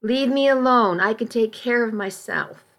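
A woman's voice: on the high side, normal speed, a bit bright. A bitter, defiant woman who drinks too much, as a woman reader plays her in a storybook reading. She talks with a raised, wounded edge, pushing back at everyone. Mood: defiant, furious. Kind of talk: audiobook reading.

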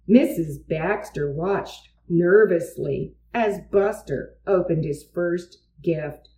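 Storybook narrator, woman, unhurried, mellow, roomy distant mic. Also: mid-range voice. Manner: expressive, changes voices for characters. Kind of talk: storybook read-aloud.

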